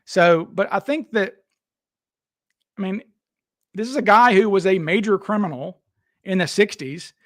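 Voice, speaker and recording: A man with a somewhat high voice hosts a casual live stream. He rambles, restarts his sentences and talks straight to his viewers. The sound is dry and close, with no room echo. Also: a little slow, pauses often. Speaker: livestream host. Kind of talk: casual livestream chat.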